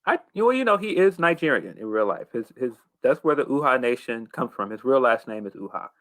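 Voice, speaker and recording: Measured man cohosting a podcast. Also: medium pitch, big pitch swings, a bit bright, no room sound. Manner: measured, hesitant, with many restarts and fillers. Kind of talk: casual wrestling podcast chat.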